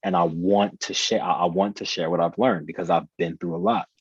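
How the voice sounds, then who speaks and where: A man's voice: low voice, fairly even intonation, fairly quick, husky, no room sound, dull audio. A man in his thirties, a podcast guest telling a personal story in an earnest, reflective way, repeating phrases for emphasis. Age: 30s.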